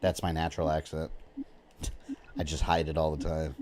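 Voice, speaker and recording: Man, game streamer, from Florida, low voice, rambling casual chat, swears now and then. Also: monotone, normal speed, darkish tone. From Florida, USA. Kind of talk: casual gaming livestream chat.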